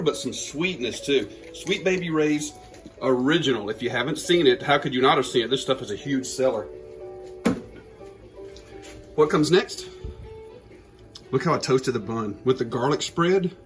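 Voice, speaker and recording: On a rough recording, a Georgia-accented man with a voice on the high side runs a casual cooking demonstration for his channel. He cooks while joking around and talking to viewers.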